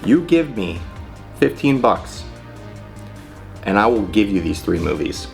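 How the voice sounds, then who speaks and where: A man voicing a creepy young male video store clerk, talking in a slow, hushed, conspiratorial way. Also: fairly low pitch, very animated, gravelly, faint music behind, heavily acted.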